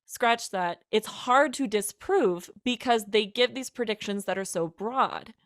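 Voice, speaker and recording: A woman's voice: fairly high pitch, a little slow, no echo. Chatty woman podcaster with a dry mic sound. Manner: chatty, laughs often, many fillers. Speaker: podcast co-host. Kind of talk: casual podcast chat.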